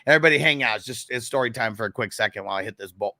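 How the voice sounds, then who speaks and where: Host telling a story, gravelly voice, bright, punchy tone, close dry sound, profane and rambling. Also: male voice, mid-range voice, very fast, no room sound. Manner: profane, rambling, with frequent laughs. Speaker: fantasy football show host. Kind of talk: casual storytelling rant.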